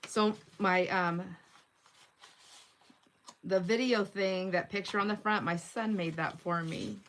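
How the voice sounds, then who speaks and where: A woman's voice: mid-range voice, steady tone, slow, a bit bright, slight background noise. A woman in her sixties hosting a crafting livestream, chatting casually and giggling as she narrates each step of her work. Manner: chatty, giggly, thinks aloud while working.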